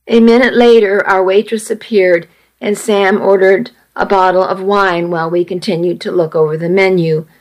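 A woman narrating a first-person romance story. She takes her time, reading slowly and evenly. Her tone stays earnest and measured from line to line. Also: mid-range voice, rough recording.

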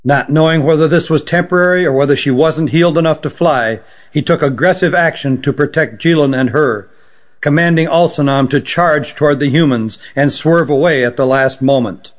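A man narrating an audiobook story at a steady, even storytelling pace. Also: on the high side, normal speed. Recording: dull lo-fi recording.

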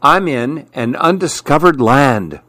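A man reading a children's storybook aloud, with a slow, expressive delivery. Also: mid-range voice, no room sound.

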